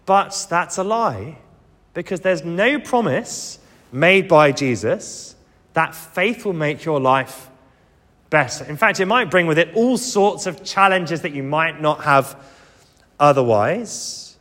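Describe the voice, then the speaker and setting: A man's voice: on the high side, expressive, takes it slowly, fairly bright tone, big-room sound. A man preaching a sermon, earnest and emphatic, coming back to key phrases again and again.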